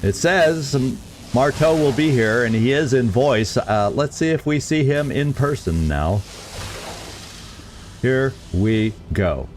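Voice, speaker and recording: A man's voice: mid-range voice, expressive, takes it slowly, a little hiss or hum. A man streaming a game, chatting casually and stumbling over tricky words as he reads lore. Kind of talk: let's play commentary.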